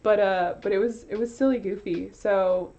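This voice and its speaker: A woman's voice: medium pitch, fairly even intonation, moderate pace, mellow. Rambling young woman streamer, giggly. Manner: rambling, giggly, swears casually, reads chat aloud. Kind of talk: casual chat while working. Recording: slightly dull lo-fi stream audio with faint music. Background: faint music.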